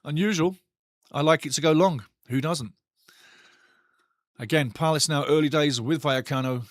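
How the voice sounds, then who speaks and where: A man's voice: a little high, moderate pace, no room sound, clean studio sound. A man hosting a live football watch-along, rambling and chatty as he talks straight to his viewers. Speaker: host.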